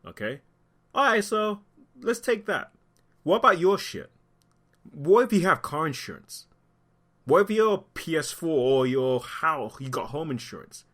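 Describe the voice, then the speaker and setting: A man speaking his mind into the camera in a vlog, heated and openly upset. His pitch swings widely, leaping up in sarcastic outbursts and sinking low when he pulls back. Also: big pitch swings, a little slow, pauses often, a bit bright. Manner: talks through being upset, voice dropping low at times. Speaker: vlogger. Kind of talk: impassioned opinion commentary.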